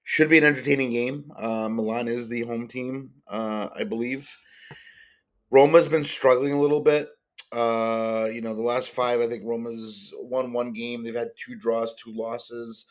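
A man's voice: mid-range voice, steady tone, a little slow. A man hosting a solo podcast, talking casually about soccer players, rambling with many fillers and stopping to correct himself. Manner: rambling, many ums and uhs, self-correcting. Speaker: podcast host. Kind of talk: casual solo sports-card podcast talk.

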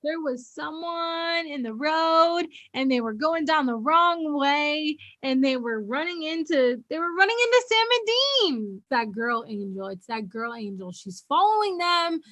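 A young woman giving chatty, excitable commentary as she reacts to a TV show, laughing often. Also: sits high, unhurried, hardly any pauses.

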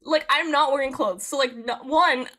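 A young woman telling a long personal story in casual chat, animated, laughing often and filling her speech with "like". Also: high-pitched, normal speed. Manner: animated, laughing, frequent "like" fillers.

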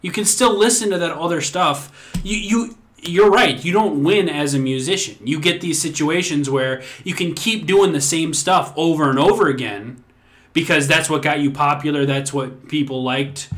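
A man's voice: fairly high pitch, moderate pace, fairly bright tone. A man in his thirties co-hosting a podcast, talking casually in a rambling way with restarts and frequent swearing. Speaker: podcast co-host.

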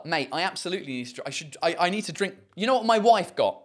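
A man's voice: fairly high pitch, normal speed. A man, a comedian and host, chatting casually and rambling as he reads out viewer comments, with lots of fillers and the odd swear word. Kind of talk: casual live-stream chat reading comments.

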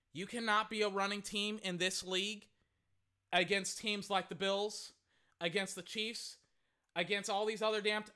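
An excitable fan commentator calling live football play-by-play, bursting out loudly on big plays and talking straight to listeners. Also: medium pitch, clean tone. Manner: excitable, loud bursts, rapid asides to listeners.

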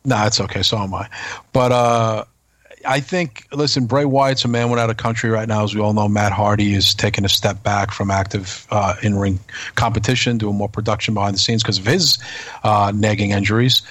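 A man's voice: lowish voice, steady tone, a little fast, a bit bright, no room sound. A man co-hosting a casual wrestling podcast, rambling and asking his partner many questions. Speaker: co-host.

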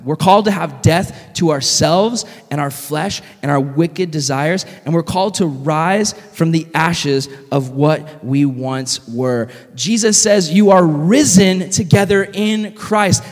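An energetic male youth preacher with a fairly high voice who jokes and fires questions at his audience. His talk swings between quick asides and slow, emphatic points. The long reverb of a large hall follows every word. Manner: energetic, joking, quizzes the audience. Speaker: youth speaker. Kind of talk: sermon.

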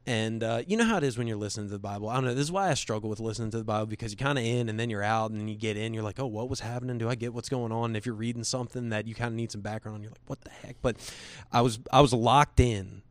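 Guy with a lowish voice, dry close sound, telling his story all earnest n rambly. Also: very fast, few pauses, dry recording. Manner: earnest, rambling with restarts, quotes voices casually. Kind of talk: casual personal storytelling.

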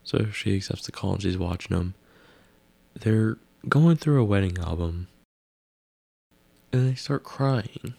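A man recaps a TV episode in a loose, rambling way, dropping wry asides and musing out loud. His voice sits very low and carries a gravelly fry. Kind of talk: casual spoken episode recap.

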